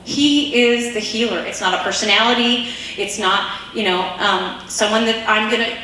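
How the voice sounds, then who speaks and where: A woman with a fairly high, bright voice tells her testimony as a lively story, acting out the voices of the people in it and laughing often. She sounds a little far from the mic, in a very echoey room with faint noise behind her. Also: normal speed. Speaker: giving a personal testimony.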